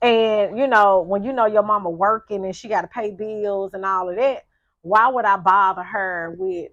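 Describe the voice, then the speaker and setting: Woman guest, lively storyteller. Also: medium pitch, normal speed, dry recording, dull audio. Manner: frequent affirming murmurs, animated storytelling. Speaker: podcast guest. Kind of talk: casual chat.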